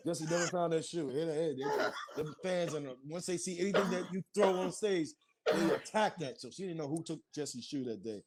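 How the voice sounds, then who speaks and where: A man casually telling stories, acting out quoted lines in a higher voice. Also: brisk, heavy background noise. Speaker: group member reminiscing. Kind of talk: casual storytelling.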